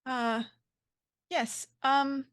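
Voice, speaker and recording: A woman playing her character in a tabletop game, speaking hesitantly with many pauses and fillers. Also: sits high, little pitch movement, a bit bright. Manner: hesitant, lots of ums, careful phrasing. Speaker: player.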